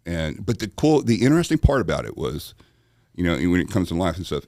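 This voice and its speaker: A man with a very low, deep voice tells a long story as a podcast guest. He is animated and acts out the voices of people in his story. The sound is dry and close. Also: brisk, no room sound. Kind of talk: storytelling in conversation.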